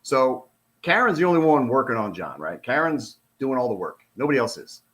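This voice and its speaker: A man's voice: medium pitch, very animated, brisk, fairly bright tone. A middle-aged man, a retired police officer, gives casual commentary on a released document. He talks in an exasperated, sarcastic, rambling way.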